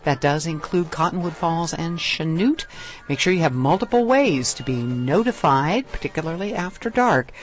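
A local public radio newscaster reading scripted headlines, weather alerts and station IDs in a measured, clear delivery into a studio microphone. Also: medium pitch, lively intonation, soft background music.

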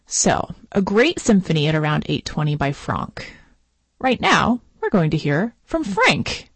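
A woman's voice: on the low side, sing-song, unhurried, husky, no room sound. Chatty woman radio host, dry studio sound. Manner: chatty and enthusiastic, laughs easily. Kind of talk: public radio announcing. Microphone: studio microphone.

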